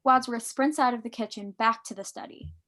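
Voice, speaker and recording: Woman briskly reading stage directions. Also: a little high, fairly bright tone. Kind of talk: live script reading.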